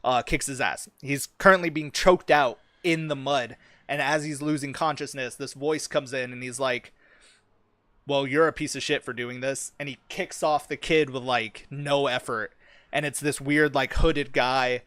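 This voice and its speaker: A man's voice: medium pitch, steady tone, normal speed, fairly bright tone, dry recording. A young man streaming, chatting casually and with plenty of swearing about the fantasy story he is writing, full of ums and likes.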